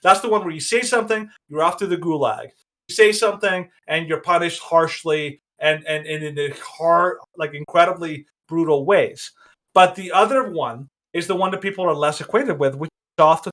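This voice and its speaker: A man with a high, bright voice hosts a podcast in casual commentary. He rambles through opinions and often restarts his sentences. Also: normal speed. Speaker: podcast host.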